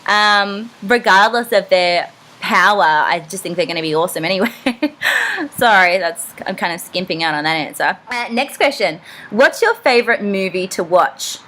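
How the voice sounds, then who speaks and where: A woman's voice: mid-range voice, animated, normal speed, bright, forceful tone. A young Australian woman with an Australian accent, casually answering fan questions in a rambling, chatty way with lots of ums. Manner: chatty, rambling, frequent ums and self-deprecating asides. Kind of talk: casual Q&A vlog.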